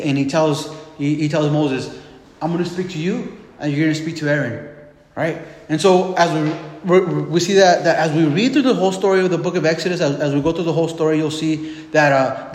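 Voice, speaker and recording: A man preaching in a relaxed, conversational way, retelling scripture in plain modern words and voicing the people in the story. His voice sits a little high. The sound rings through a big echoey hall with a long reverb tail. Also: a little fast, hardly any pauses. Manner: retells scripture in casual everyday speech, acting out voices. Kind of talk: sermon.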